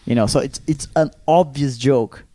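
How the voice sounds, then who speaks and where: A man with a Brazilian accent, co-hosting a comedy podcast and telling a story in a lively, swearing, casual way. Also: mid-range voice, moderate pace, no echo. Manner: animated, swears freely, acts out quotes.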